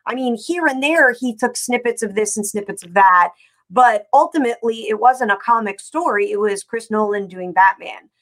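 A woman with a fairly high voice talks casually as a co-host, rambling and animated. She uses lots of fillers as she goes. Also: normal speed. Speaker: podcast co-host. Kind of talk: casual chat.

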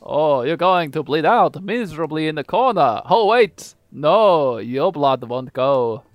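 A vengeful female knight boss hurls mocking threats, voiced by a man reading for a video game. The voice swoops lively up and down, sits a little high and comes through dry and close. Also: measured pace, no room sound. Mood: vengeful taunting.

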